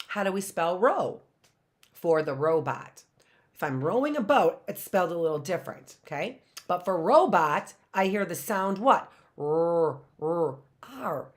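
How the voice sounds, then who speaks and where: Slow-talking woman teaching phonics. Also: lowish voice. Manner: slow, sounding out words syllable by syllable. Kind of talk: phonics lesson for young children.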